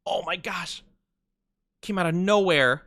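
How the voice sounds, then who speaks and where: A young man chatting casually on a game live stream, playful and jokey, with bursts of mock self-pity and quick laughs. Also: high-pitched, bright, forceful tone, no echo.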